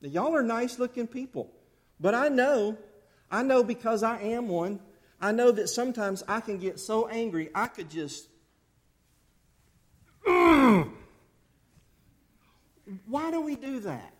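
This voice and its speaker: A man preaching a sermon to his church, animated, acting out angry outbursts along the way. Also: very high voice, moderate pace. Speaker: pastor. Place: church sanctuary.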